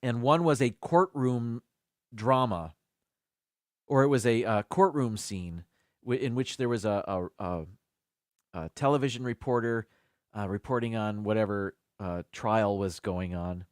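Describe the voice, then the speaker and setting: A man's voice: on the low side, measured pace, no room sound, clean studio sound. A man hosting a live stream in casual chat, talking through words and sounding each one out carefully.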